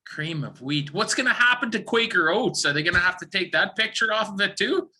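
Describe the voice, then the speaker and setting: A young man from Saskatchewan, chatting casually as a podcast guest and telling rambling, animated stories. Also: high-pitched, brisk, slightly rough. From Saskatchewan, Canada. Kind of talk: casual chat.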